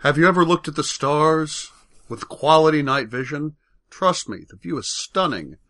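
Podcast guy with a bright voice making his point, kinda wry. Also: on the high side, expressive, normal speed. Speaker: podcast co-host. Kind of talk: casual commentary.

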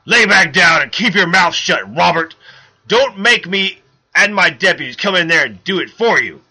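A man's voice: high voice, lively intonation, normal speed, pushed and bright, husky, exaggerated voice. A man voicing a stern male frontier marshal who growls a firm warning, read aloud from a novel.

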